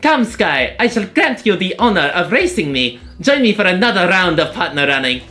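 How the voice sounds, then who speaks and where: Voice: mid-range voice, very animated, moderate pace, pushed and bright, pitched above the performer's own voice. A streamer voicing a haughty, proud noble racing girl from game dialogue, grandiose and commanding. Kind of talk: reading game dialogue in voices.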